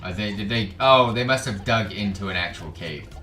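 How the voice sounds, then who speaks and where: Reacting to videos on stream, a man offers casual, sarcastic remarks, frequently breaking off mid-thought and interrupting himself. His fairly low voice has a sharp tone and moderate pace, sounding reverberant over soft background music.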